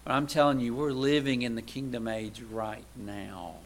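A man preaching a sermon in a conversational way. He asks his listeners rhetorical questions and swings between loud emphatic lines and quiet low asides. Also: steady tone, normal speed, slight background noise.

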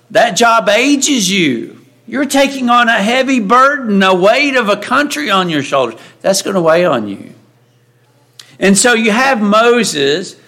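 A man's voice: high voice, sharp tone. A man preaching a sermon in a conversational way, often asking his listeners rhetorical questions.

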